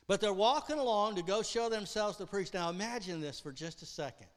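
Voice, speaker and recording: A man preaching a sermon, telling a story with great animation, acting out voices and swinging between loud outbursts and hushed lines. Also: high voice, lively intonation, fast, hardly any pauses, long reverb tail. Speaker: pastor.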